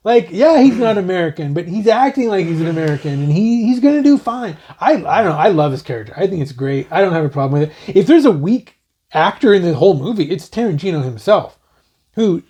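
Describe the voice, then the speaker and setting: A co-host on a casual movie review show, calmly sharing behind-the-scenes trivia. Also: mid-range voice, a little fast. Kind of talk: casual film review chat.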